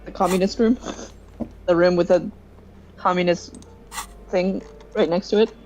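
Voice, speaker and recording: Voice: mid-range voice, steady tone, a little slow, a little mellow, soft background music. A friend on a call, casually explaining the game in plain words. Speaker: co-player on a call. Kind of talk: casual chat. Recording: dull lo-fi call audio.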